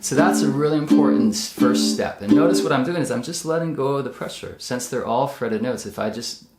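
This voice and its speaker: Male ukulele teacher, mid-pitched, patient step-by-step delivery, echoey room, loud ukulele under the voice. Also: a little fast, over loud music. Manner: patient, explains step by step while playing. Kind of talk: instructional demonstration. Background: ukulele playing.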